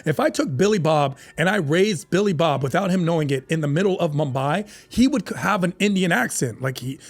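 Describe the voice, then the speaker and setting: A man with a high, light voice talks in a loose podcast chat. He jokes constantly, laughs through his own lines and drops into quick character voices as he tells stories. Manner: animated, joking, laughs often, does voices. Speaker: comedian guest. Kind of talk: casual podcast conversation.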